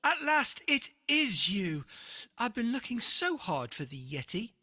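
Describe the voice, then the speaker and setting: A reader voicing an excited young boy on a quest, with eager exclaiming lines in a picture-book read-aloud. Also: mid-range voice, moderate pace, voice pushed up.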